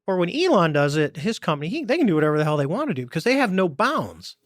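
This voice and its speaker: Speaking fast in a slightly high voice, this ex-navy pilot guests on a podcast and chats bluntly and casually. He performs the quoted dialogue in his animated stories, captured in a dry, clean studio recording.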